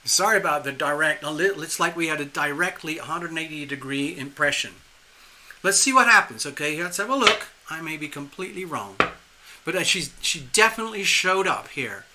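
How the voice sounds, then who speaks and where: A man reading tarot live for a viewer, talking in a rambling, animated way with frequent restarts and chuckles. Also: fairly high pitch, fairly quick, noisy background. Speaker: tarot reader hosting a live stream.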